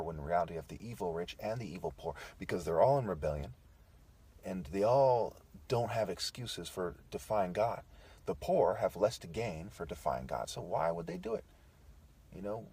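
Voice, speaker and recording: Husky low-voiced man ranting. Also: a little mellow. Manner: combative, profane, preachy; repeats "okay" and "right" as tags. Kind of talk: ranting monologue.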